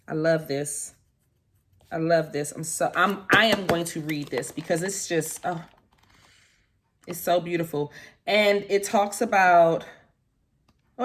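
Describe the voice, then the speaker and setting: In a casual tarot vlog, a woman with a fairly low voice gushes effusively, letting out soft exclamations and addressing viewers directly as "guys" and "baby." She's a tarot reader and spiritual vlogger, and the recording carries a slight hiss or hum.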